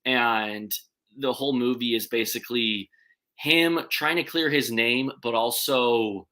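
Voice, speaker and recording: A man's voice: medium pitch, a little slow, bright, forceful tone. A young man casually ranking movies on a live stream, rambling and correcting himself with enthusiasm. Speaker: movie reviewer.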